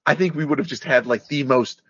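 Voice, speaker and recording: A man's voice: fairly high pitch, brisk, a bit bright, husky, dry recording. A man co-hosting a casual movie review chat, rambling and jokey, with lots of "like" fillers. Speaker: podcast co-host. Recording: dull lo-fi sound, dry.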